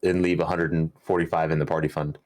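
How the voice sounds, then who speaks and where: Very deep, flat-voiced man. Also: fast talker. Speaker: player. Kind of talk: casual tabletop game chat.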